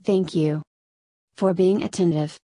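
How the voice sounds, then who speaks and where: A woman teacher narrating a scripted lesson, reading slowly and carefully and addressing her students. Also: fairly low pitch, steady tone, warm tone, no room sound.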